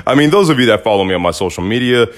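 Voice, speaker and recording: A man's voice: medium pitch, rapid-fire. A man hosting his own podcast, talking in a blunt, casual monologue with some swearing. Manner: blunt, swears, animated when quoting others. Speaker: podcast host. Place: Los Angeles.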